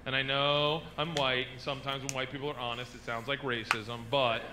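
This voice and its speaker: A man doing a stand-up routine, swinging from low confiding asides to loud shouted bursts, recorded live with an audience laughing. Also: flat delivery, brisk, very noisy. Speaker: stand-up comedian.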